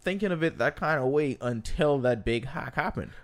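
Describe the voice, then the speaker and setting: A man's voice: mid-range voice, animated, normal speed. A man co-hosting a podcast, joking in a laid-back, slangy and crude way while discussing a TV episode. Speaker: podcast co-host. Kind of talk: casual chat reviewing a TV episode.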